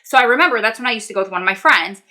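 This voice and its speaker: A woman telling a story in a casual vlog, chatty and self-deprecating, talking in quick animated bursts. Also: on the high side. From New Jersey. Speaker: vlogger, wife of an inmate.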